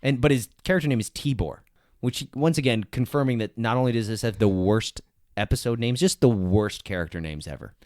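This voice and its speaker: A man's voice: medium pitch, brisk, a little mellow, dry recording, studio quality. A man co-hosting a casual podcast recap, sarcastic and mock-outraged as he picks the show apart. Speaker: podcast co-host.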